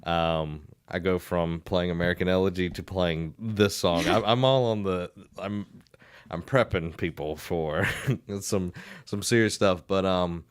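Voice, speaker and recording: A man's voice: deep voice, steady tone, a little slow, clean tone, no echo, clean studio sound. A man with a Southern US accent, a school band director chatting casually on a podcast in a rambling way with many fillers.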